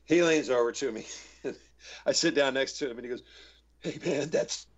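A man's voice: medium pitch, normal speed, lo-fi sound. A man, an actor guest in an interview, telling stories casually and acting out the voices he quotes. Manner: animated anecdotes, acts out quoted voices.

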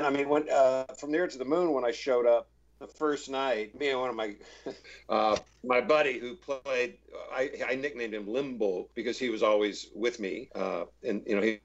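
A middle-aged man, an actor, telling rambling anecdotes in a relaxed interview and acting out the voices of people he quotes. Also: mid-range voice. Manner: chatty, many restarts, acts out quoted voices. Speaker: actor guest. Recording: slightly dull, muffled audio.

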